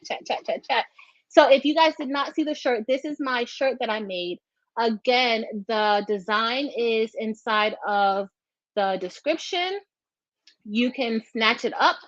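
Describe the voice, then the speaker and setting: A woman hosting a casual craft livestream, chatty, greeting viewers by name with bursts of high excitement. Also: dry recording. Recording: dry, dull lo-fi sound.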